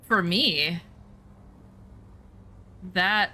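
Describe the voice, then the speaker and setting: A woman's voice: fairly low pitch, measured pace, pushed and bright, a little hiss or hum. A woman streamer talking candidly in casual chat while playing a game, rambling with lots of fillers.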